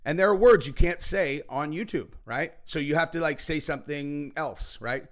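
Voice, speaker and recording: A political commentary host delivers heated reaction commentary on his show, ranting angrily, cursing, and tagging points with "okay?" and "right?". His voice is fairly high-pitched at a moderate pace.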